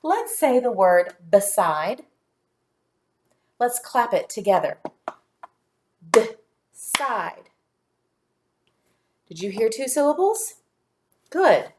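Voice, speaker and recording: A woman teaching a phonics lesson to young children in a patient, clear teacher voice, sounding out letters one by one. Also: on the high side, very animated, slow, pauses often, darkish tone.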